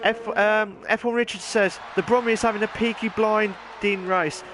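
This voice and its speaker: A chatty man commentates on an online race, his voice sitting somewhat high. He rambles between stats and suddenly yelps with excitement at crashes. The stream mic carries clear background noise. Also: moderate pace. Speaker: sim racing co-commentator. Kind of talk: live esports race commentary.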